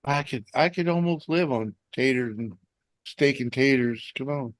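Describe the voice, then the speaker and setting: A man's voice: medium pitch, moderate pace, no room sound, clean studio sound. A man hosting a casual online hangout, laid-back, chuckling and swearing mildly as he chats with friends. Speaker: host of a friends' hangout stream. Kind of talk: casual chat.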